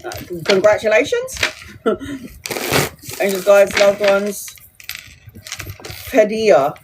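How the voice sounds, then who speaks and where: A woman in her forties reads tarot for viewers on a live stream, chatting and reassuring as she answers their questions. Her voice sits at a medium pitch. A faint hiss of background noise runs under her talk. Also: drawn-out words. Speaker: tarot reader. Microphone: phone or webcam on a live stream.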